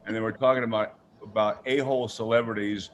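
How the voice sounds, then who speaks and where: An older man, a radio guest, telling stories in casual chat, animated and laughing often as he acts out the people in them. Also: on the low side, quick pace, dull audio, slight background noise. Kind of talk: casual storytelling on a radio show.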